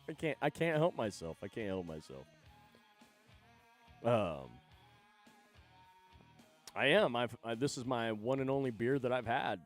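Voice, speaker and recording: A man talks off the cuff on a livestream, wandering from thought to thought with plenty of swearing and laughing between lines. His voice sits at an ordinary middle pitch for a man. Faint music plays underneath. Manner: rambling, profane, laughs often. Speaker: livestream host. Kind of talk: casual livestream chat.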